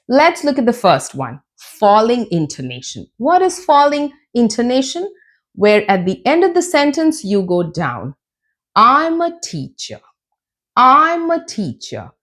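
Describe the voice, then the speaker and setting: A woman teaching an English lesson, explaining slowly and demonstrating sentences with exaggerated rises and falls in pitch. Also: a little mellow. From Canada. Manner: slow, deliberate explaining. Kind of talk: scripted lesson.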